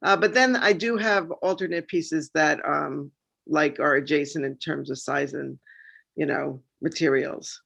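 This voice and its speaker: A woman's voice: sits low, a little slow, vocal fry, fairly bright tone, slightly rough. A woman artist explaining her painting process in a thoughtful, explanatory way over a video call. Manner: thoughtful, explanatory, many fillers. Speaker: painter in the exhibition. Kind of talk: casual video-call discussion.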